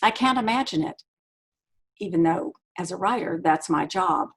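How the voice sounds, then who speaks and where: A woman author reading aloud from her own novel in a steady, measured way. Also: on the low side, slightly rough, low-quality recording.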